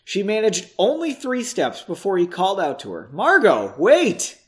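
A man's voice: sits high, very animated, moderate pace, a little mellow. A man reading a novel chapter aloud, with casual asides in between. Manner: chatty asides, swears and laughs between passages. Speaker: audiobook reader.

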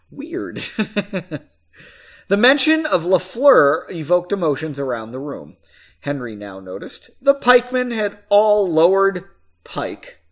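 A man's voice: on the high side, fairly bright tone. Chatty man reading his own book. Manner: chatty, self-mocking, swears casually. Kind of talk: casual book reading with asides.

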